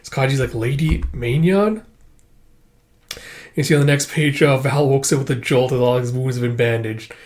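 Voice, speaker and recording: A man's voice: mid-range voice, flat delivery, quick pace, few pauses, darkish tone. A man casually recapping a comic, chatty and loose with many fillers. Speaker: comic reviewer.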